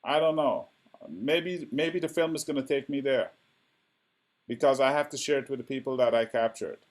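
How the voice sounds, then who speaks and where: A man's voice: medium pitch, moderate pace. A man who is an actor and director, chatting as a podcast guest, enthusiastic and often asking "right?". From Canada. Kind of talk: casual chat.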